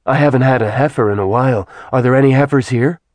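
A man's voice: medium pitch, fast, darkish tone, dry recording, pitched above the performer's own voice, close to an everyday voice. A man voicing a testy, blunt female demon who is always hungry.

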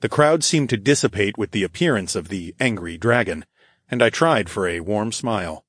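A man narrates an audiobook chapter in a low, slightly husky voice. His reading moves through a wide, lively melody. The recording is close and dry. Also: moderate pace, no echo. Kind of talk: scripted first-person narration.

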